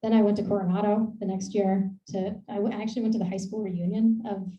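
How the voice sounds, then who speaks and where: A woman's voice: mid-range voice, flat delivery, quick pace, warm tone, a little hiss or hum. A woman from Maine giving a casual, rambling talk about her research to an audience. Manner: chatty, rambling, laughs at herself. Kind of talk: casual presentation with slides. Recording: echoey room, dull lo-fi sound.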